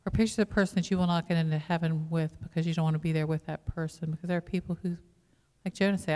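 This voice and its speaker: A woman's voice: deep voice, steady tone, fast, darkish tone. A woman pastor preaching a sermon in a conversational way, asking the congregation rhetorical questions. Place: church sanctuary. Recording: reverberant church hall.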